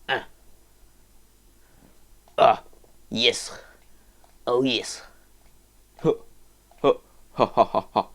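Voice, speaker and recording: A man giving casual let's-play commentary on a game, rambling and excitable, breaking into sudden high yelps and whoops. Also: slow pace, creaky, pauses often. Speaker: gaming video host.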